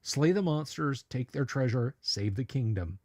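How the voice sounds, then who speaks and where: A man hosting a livestream who chats casually with viewers and goes into opinionated, animated rants with stammered restarts. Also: medium pitch, normal speed. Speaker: livestream host. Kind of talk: casual chat reading viewer comments.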